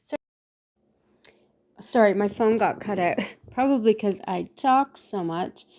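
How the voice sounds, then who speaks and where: A woman's voice: medium pitch, takes it slowly, darkish tone. A woman in her sixties telling a story to her viewers in a chatty, rambling, effusive way. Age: 60s. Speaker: lifestyle vlogger. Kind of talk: casual storytelling to camera.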